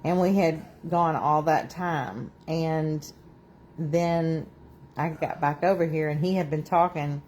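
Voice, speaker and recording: A woman's voice: low-pitched, fairly even intonation, slow, a little mellow, slight background noise. Chatty woman hosting a live craft stream. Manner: chatty, laughs often, reads out viewer comments. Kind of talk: casual live-stream chat. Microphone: phone on a tripod.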